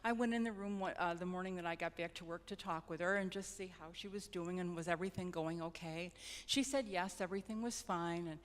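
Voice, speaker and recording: Middle-aged nurse lady telling stories soft and thoughtful, long echo like a church hall. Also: lowish voice, steady tone. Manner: gentle, reflective, halting. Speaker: hospice nurse speaker. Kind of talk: personal storytelling talk.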